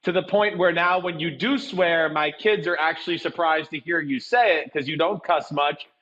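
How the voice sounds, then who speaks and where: Male host, playful and teasing, slightly high voice, dull recording. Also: normal speed, a bit bright, slight background noise. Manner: teasing, laughs often. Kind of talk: casual podcast chat. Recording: muffled audio.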